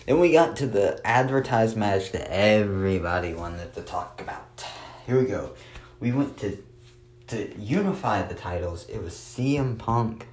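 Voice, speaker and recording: A man with a very low voice talks through a wrestling show on his own. His recap is casual and dry, with sarcastic asides and plenty of filler words. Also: darkish tone.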